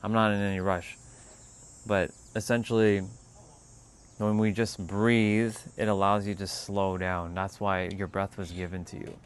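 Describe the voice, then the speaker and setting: A man hosting a casual spiritual livestream, talking in a calm, unhurried way that turns loose and profane at times. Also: lowish voice, clear, resonant tone. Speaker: livestream host.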